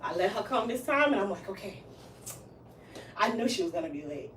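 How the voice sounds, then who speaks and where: Speaking briskly in a mid-range voice, a hairstylist and salon owner chats casually through a story, voicing the quoted lines of its characters with lots of laughter and animation. The mic is distant, the room sounds roomy, and there's a faint hiss.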